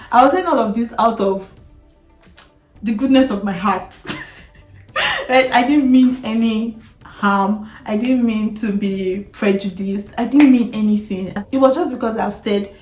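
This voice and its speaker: A woman in her thirties with a Nigerian accent, chatting candidly to camera as a vlogger, talking with frequent laughs and restarts. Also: medium pitch. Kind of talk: candid personal chat to camera. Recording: echoey room.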